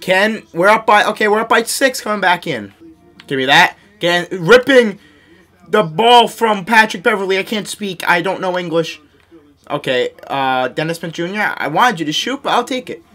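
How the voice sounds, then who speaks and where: A young man with a high, light voice narrates his basketball video game as he plays it. He is excitable and yells at the big plays. He scolds his teammates and pokes fun at his own mistakes. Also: normal speed. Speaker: gaming YouTuber. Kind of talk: live gameplay commentary.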